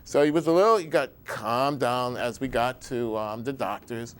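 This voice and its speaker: A man's voice: medium pitch, moderate pace, smooth. A middle-aged man hosting a show, talking in a rambling, digressive monologue with folksy asides and frequent restarts.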